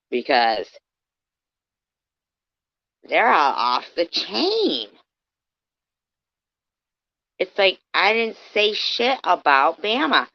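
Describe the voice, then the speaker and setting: Low-voiced woman ranting on a stream. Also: no echo. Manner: profane, swings from yelling to low muttering. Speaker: livestreamer. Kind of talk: ranting livestream talk. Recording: dull lo-fi stream audio.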